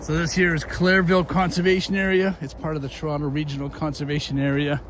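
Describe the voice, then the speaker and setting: A man's voice: a little high, flat delivery, fast, fairly bright tone, slight background noise. A middle-aged man chatting casually to viewers as he hikes a muddy trail, a little out of breath. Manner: chatty, easygoing, talks to viewers while hiking. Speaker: vlogger. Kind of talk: casual walking vlog. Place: muddy forest trail outdoors, windy.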